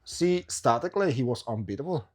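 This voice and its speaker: A man's voice: mid-range voice, lively intonation, brisk. A man hosting a podcast, chatting casually, swearing freely and telling rambling stories. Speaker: podcast host. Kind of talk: casual chat.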